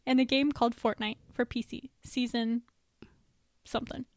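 A young woman with a high, bright-pitched voice reads children's holiday letters aloud on a casual podcast, breaking into giggles and soft asides. Her voice is close and dry, with no room around it. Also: flat delivery, moderate pace, dry recording. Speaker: podcast co-host.

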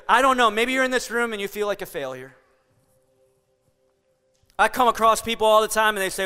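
A man's voice: high voice, animated, normal speed, long pauses, pushed and bright, clear, resonant tone, in a large hall, soft background music. A man preaching a sermon as pastor in an earnest, conversational and emphatic way.

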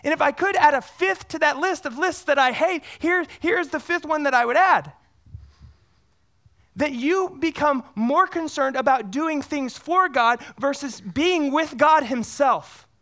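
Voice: high voice, a little slow, bright, forceful tone. A pastor preaching a sermon, earnest, often asking the congregation questions and repeating words for emphasis.

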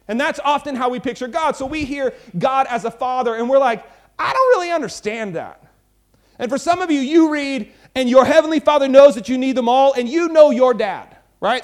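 A man preaching a sermon to a youth conference as pastor, emphatic and repetitive, moving between quiet close remarks and loud urgent lines. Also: extremely high pitch. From Texas. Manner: emphatic, repeats lines for effect, shifts from intimate to loud.

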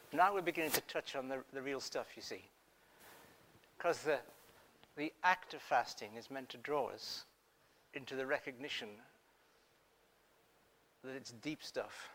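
A man preaching a sermon in an earnest manner, dropping to a hush and then rising to emphatic points. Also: medium pitch, unhurried, long pauses, slight background noise. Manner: earnest, swings from hushed to emphatic.

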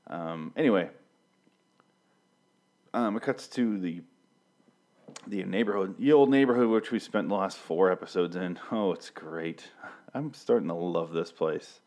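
Irreverent man in his thirties, low voice. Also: darkish tone. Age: 30s. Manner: rambling and irreverent, with frequent swearing and self-interruptions. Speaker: podcast host reviewing a TV show. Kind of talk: casual, profane solo commentary. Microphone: studio mic with pop filter.

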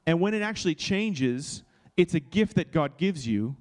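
Male pastor, slightly high voice, earnest and confessional, checks in with his listeners often. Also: lively intonation, moderate pace. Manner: earnest, confessional, with many restarts and checks like "okay?". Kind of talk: sermon-style teaching with personal story.

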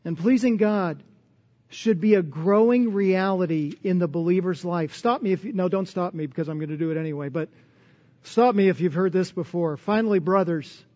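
A man's voice: sits high, normal speed, warm tone, lo-fi sound. A man preaching a sermon in an earnest, conversational way, posing strings of rhetorical questions. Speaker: pastor.

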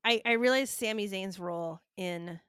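A woman's voice: mid-range voice, moderate pace, fairly bright tone, clear, resonant tone, no room sound. A woman co-hosting a podcast in casual chat, wry and teasing as she talks. Her voice sits in a middle range for a woman. The recording is dry and close. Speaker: podcast co-host.

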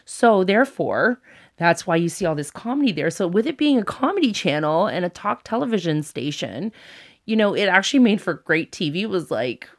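Woman in her 30s telling an old work story, kinda low voice, gets loud and laughy, does little voices for people. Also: fairly quick. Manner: animated, laughs often, acts out quotes. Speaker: guest, former TV presenter. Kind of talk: casual storytelling chat.

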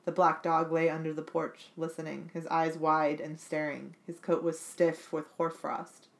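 A woman podcast co-host reading a short story aloud, expressive and a little giggly. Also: sits low, unhurried, vocal fry.

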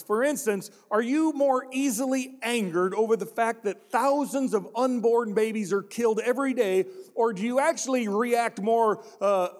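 Man, pastor, sermon, emphatic, repeats key phrases, rhetorical questions, high voice. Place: church sanctuary. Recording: long church hall reverb.

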